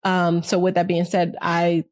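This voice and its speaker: A woman in her thirties co-hosting a podcast in casual chat, earnest and animated, often acting out what others said. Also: fairly low pitch, a little slow. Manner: animated, earnest, quotes others in lively voices. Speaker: podcast co-host.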